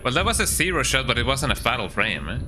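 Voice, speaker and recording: A man's voice: mid-range voice, big pitch swings, fast, background noise. A man streaming a horror game, joking and chatting casually as he plays and often tagging his lines with "eh?". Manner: playful, jokey, keeps tagging lines with "eh?". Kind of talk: casual gameplay commentary.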